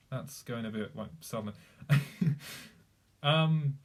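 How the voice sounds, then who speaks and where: A man chats casually on a live stream in a rambling, self-deprecating way. His voice sits at an ordinary middle pitch, and he talks loosely with plenty of fillers. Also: slow. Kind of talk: casual chat.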